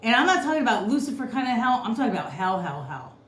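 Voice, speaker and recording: A woman's voice: fairly high pitch, very animated, quick pace, fairly bright tone. A woman giving an unscripted tarot reading, ranting bluntly and cursing freely. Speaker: tarot reader. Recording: roomy echo, faint noise.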